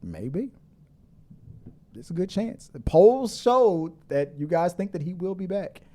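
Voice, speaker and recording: A man's voice: high voice, takes it slowly. A middle-aged man hosting a casual live stream, laughing often and reading viewer comments aloud. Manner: laughing, animated, reads chat comments aloud.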